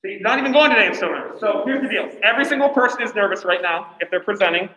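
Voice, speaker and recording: A man's voice: high-pitched, expressive, very fast, bright, forceful tone, roomy sound, rough recording. A man teaching a class, giving chatty, encouraging instructions with lots of fillers.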